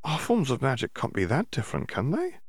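Curious, eager teenage schoolgirl, a man putting her on, voice raised and softened, earnest questions. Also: mid-range voice, wildly swooping pitch, fairly quick, breathy edge, no echo, studio quality, voice pushed up, heavily acted.

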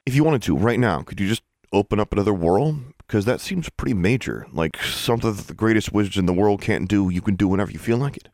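A man's voice: lowish voice, animated, fast talker, hardly any pauses, a little mellow, no echo, clean studio sound. A man voicing a curious, sceptical teenage boy who asks a lot of questions.

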